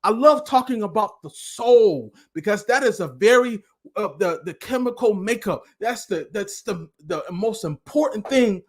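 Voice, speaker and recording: A man's voice: high-pitched, animated, a little slow. Passionate man giving a motivational talk. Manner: passionate, preaching cadence, at times loud. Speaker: motivational speaker and life coach. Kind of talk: live-streamed motivational talk.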